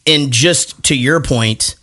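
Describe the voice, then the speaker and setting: Bright-voiced man, swearing and laughing through a movie chat. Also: mid-range voice, takes it slowly. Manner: swearing a lot, laughs while retelling scenes. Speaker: podcast host. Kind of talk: casual movie podcast chat.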